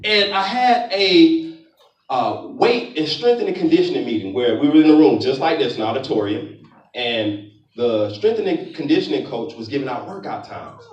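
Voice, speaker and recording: A man's voice: mid-range voice, lively intonation, moderate pace, distant mic. A young man giving a live motivational talk on stage in a large conference auditorium, calling out to the audience like a preacher. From Florida, US. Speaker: motivational speaker. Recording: echoey hall, speaker off-mic.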